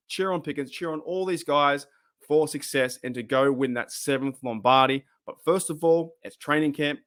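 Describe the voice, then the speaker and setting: Excitable man. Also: medium pitch. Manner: excitable, rambling fan enthusiasm. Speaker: fan channel host. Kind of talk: casual vlog talk.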